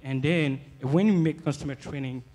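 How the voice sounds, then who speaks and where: A man in the audience asking the panel a question, halting and searching for words. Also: a little high, dark tone. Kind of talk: question from the floor.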